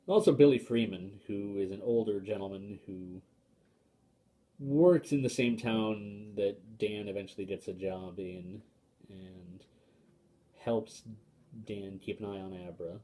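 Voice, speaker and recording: A young man with a fairly low voice talks through a book review in a casual, unscripted way. He hesitates often, restarts his sentences and fills pauses, but states his opinions plainly. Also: warm tone.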